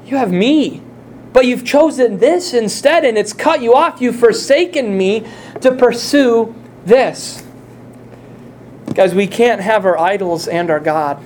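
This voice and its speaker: A man's voice: high voice, a little mellow, slight background noise. A male pastor preaching a sermon, speaking earnestly and putting direct questions to his congregation.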